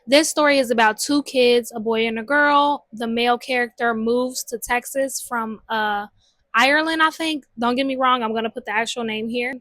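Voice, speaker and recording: Young female book vlogger, high-ish voice, dry room sound, casual and slangy. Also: moderate pace, dry recording. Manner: chatty, slangy, lively. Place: home room with a TV.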